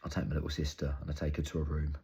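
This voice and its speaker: A young man delivers a dramatic monologue in a very deep voice. His voice is strongly husky and rough. He tells the story intensely and haltingly, with frequent swearing. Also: flat delivery, mellow. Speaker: actor.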